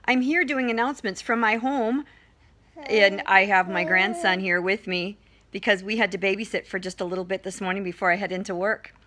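Bright, cheerful older woman announcer. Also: medium pitch, fairly even intonation, brisk. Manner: cheerful, upbeat, teacherly. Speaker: school announcer. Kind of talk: morning school announcements. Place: at home.

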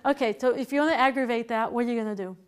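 Teacher, female, chatty and quick to laugh, fairly high voice, classroom feel. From Boston, USA. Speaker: herbalism teacher. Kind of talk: casual classroom lecture.

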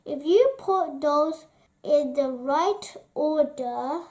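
A cruel ice queen from a storybook sneers in a high, cold voice, drawing out each taunt slowly. A woman reading aloud puts her on. The delivery is unhurried and icy. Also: expressive, darkish tone, exaggerated voice. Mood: mocking.

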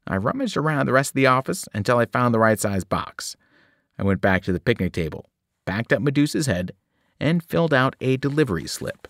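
A man, a teacher, narrating a novel aloud in an expressive storytelling manner. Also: mid-range voice, a little fast, no echo, studio quality. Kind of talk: audiobook narration.

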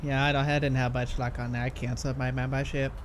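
A man player chatting casually in character over game voice chat. He sounds laid-back, laughs often and drops casual swears. His pitch sits in the middle, with faint game noise behind. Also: little pitch movement, fast. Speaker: roleplay player.

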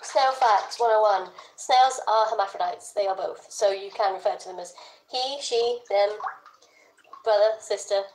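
A woman's voice: mid-range voice, moderate pace, darkish tone. A young woman chatting playfully on a live stream, talking to her pets and her viewers. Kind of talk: casual live-stream chat. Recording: echoey room.

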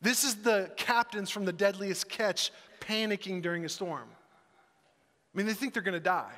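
Animated man preaching in a reverberant church. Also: sits high, unhurried. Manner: conversational and animated, acts out voices in quotes. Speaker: pastor. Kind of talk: sermon. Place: church sanctuary. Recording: church sanctuary with long reverb.

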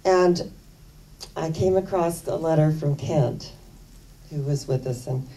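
A woman's voice: deep voice, slow pace, warm tone, distant mic, a little hiss or hum, poor audio. An older woman minister giving a sermon, telling personal stories in an earnest, conversational way and repeating phrases for emphasis.

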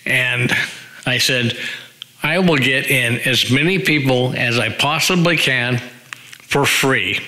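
A man's voice: medium pitch, slow pace, sharp tone, low-quality recording. A man in his sixties, a former rock band singer, tells a rambling anecdote with wry humor and acts out other people's lines in raised voices. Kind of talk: casual anecdotal storytelling.

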